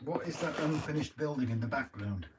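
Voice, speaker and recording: A man's voice: mid-range voice, a little fast, distant mic, heavy background noise. A man chatting casually on a live stream, teasing his partner with playful banter. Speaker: streamer co-host.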